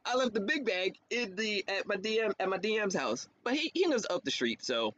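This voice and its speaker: Animated man telling stories, slightly high voice. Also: a little fast. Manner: animated storyteller, laughs often, jumps up in pitch for quoted voices. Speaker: guest, theater actor. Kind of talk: casual interview chat. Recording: dull lo-fi stream audio with faint hiss.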